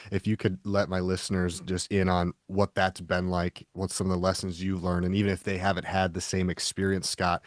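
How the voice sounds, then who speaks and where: A man hosting a podcast with a deep voice, asking his guest a question in a flat, even tone. He sounds measured and friendly, and the sound is close and dry. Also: no echo. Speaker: podcast host. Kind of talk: interview question.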